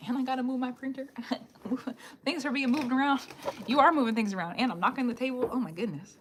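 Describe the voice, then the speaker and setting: Streaming live from a room at home, this tarot reader talks straight to her viewer in a loose, animated, rambling style. Her voice is high-pitched and brisk, with a slight hiss or hum in the recording.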